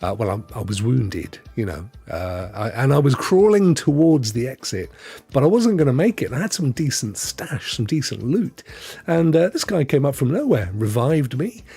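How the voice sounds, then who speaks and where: Husky man chatting on stream. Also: mid-range voice, big pitch swings, normal speed, warm tone. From United Kingdom. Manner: rambling, chatty, chuckles often. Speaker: gaming show host. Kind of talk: solo live-stream chat. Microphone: headset.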